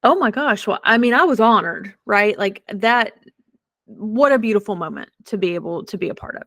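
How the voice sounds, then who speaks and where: A woman's voice: medium pitch, normal speed, no room sound, studio quality. Chatty woman host telling a story. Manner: chatty, animated, self-deprecating humor. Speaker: podcast host. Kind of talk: casual storytelling.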